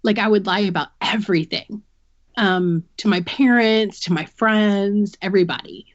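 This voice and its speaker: A woman's voice: mid-range voice, normal speed, no echo, dull audio. A woman guest on a podcast, giving a candid personal account and explaining things earnestly through long analogies.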